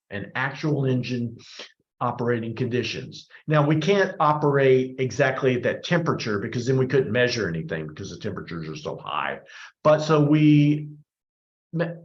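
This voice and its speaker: Male presenter fielding questions; casual, restarting phrases; echoey, dull recording. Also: medium pitch. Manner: conversational, repeats words while rethinking. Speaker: workshop presenter. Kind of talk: answering audience questions. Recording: roomy, dull lo-fi sound.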